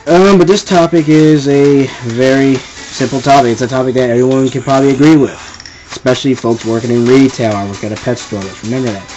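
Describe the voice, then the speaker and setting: A man's voice: mid-range voice, fairly even intonation, fairly quick, a little mellow, dull audio, faint music behind. A young man ranting casually and with exasperation, rambling and repeating himself. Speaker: vlogger ranting. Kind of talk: casual rant to camera.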